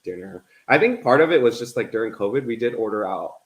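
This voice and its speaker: Lively chatty man cooking on a live stream. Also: mid-range voice, fast, reverberant. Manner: chatty, narrates each cooking step. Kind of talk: casual chat while cooking. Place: home kitchen.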